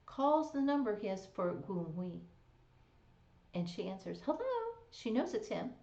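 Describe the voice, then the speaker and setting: A woman hosts a live stream in a relaxed, chatty way, with plenty of fillers and little laughs as she walks through a drama's episodes. Her voice sits at an ordinary pitch for a woman. It rings in a roomy space, and the stream audio sounds dull and lo-fi. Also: unhurried, creaky. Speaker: stream host recapping a drama. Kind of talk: casual recap chat.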